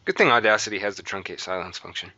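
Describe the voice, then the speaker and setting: A man's voice: on the low side, lively intonation, fast, pushed and bright, no room sound, muffled recording. A man co-hosting a podcast in a casual, playful chat, joking often. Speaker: podcast co-host.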